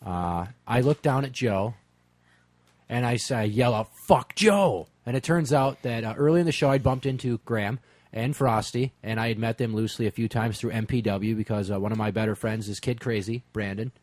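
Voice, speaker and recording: A man's voice: lowish voice, brisk, darkish tone, no echo. A man hosting a comedy podcast, telling crude, rambling anecdotes full of profanity and fillers.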